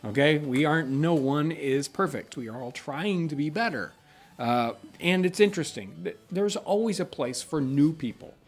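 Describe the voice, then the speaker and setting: A middle-aged man hosts his channel's casual Q&A chat, earnestly explaining things and reading viewer questions aloud. His voice sits on the high side and moves at a normal speed.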